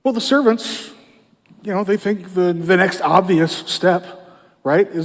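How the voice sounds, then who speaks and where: A male pastor delivering a sermon in a relaxed, conversational manner, often dropping in "you know" as he explains. His voice sits noticeably high for a man. The sound carries a long reverb from a large church sanctuary. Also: a little slow.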